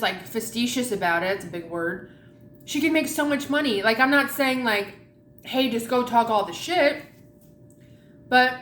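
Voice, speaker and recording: A woman's voice: fairly high pitch, a bit bright, roomy sound, a little hiss or hum. A woman vlogger chatting casually while eating, rambling and candid with a lot of swearing.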